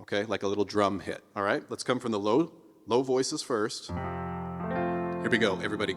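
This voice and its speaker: A man's voice: lowish voice, normal speed, long pauses, in a large hall. A man teaching a singing lesson as a vocal coach, encouraging students and demonstrating sung exercises. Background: piano.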